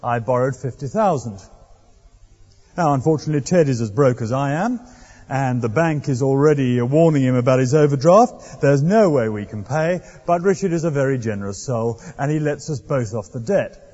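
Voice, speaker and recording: A man's voice: mid-range voice, lively intonation, normal speed, mellow, breathy edge. A man preaching a sermon, telling the story in a wry, conversational way. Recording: dull lo-fi recording in echoey hall.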